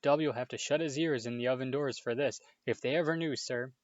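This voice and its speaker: A man voicing a small, excitable, servile male house elf with a high-pitched, tearful, overly humble manner. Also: fast, dry recording, close to an everyday voice. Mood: fearful. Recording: dull, dry home recording.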